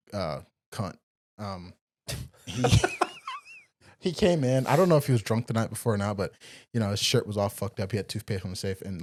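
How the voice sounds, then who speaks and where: A man tells blunt, profane stories about old jobs. He chats casually on a podcast and slips into his bosses' voices as he talks. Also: on the low side. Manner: storytelling, acts out old bosses, swears freely. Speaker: podcast co-host. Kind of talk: casual chat.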